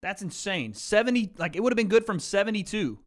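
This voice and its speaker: A man hosts a laid-back livestream from a home setup, talking straight to his viewers through a desk mic. His voice sits a little high for a man, and his talk is loose and slangy, full of "bro" and "dude.". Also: very animated, fairly quick. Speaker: livestream host. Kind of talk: casual livestream chat with viewers. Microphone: desk mic with mixer.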